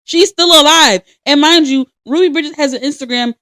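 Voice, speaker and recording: A young adult woman co-hosting a podcast, telling stories in casual chat with a lively, profane delivery. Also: sits high, normal speed, no echo, clean studio sound. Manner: animated, profane storytelling. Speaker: podcast co-host.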